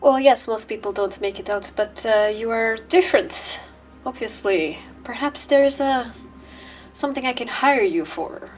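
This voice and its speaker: A woman voicing a smooth, smarmy man who talks in an ingratiating way. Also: fairly high pitch, moderate pace, faint music behind, pitched above the performer's own voice, close to an everyday voice. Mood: scheming. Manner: slick and ingratiating. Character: smooth smarmy male schemer.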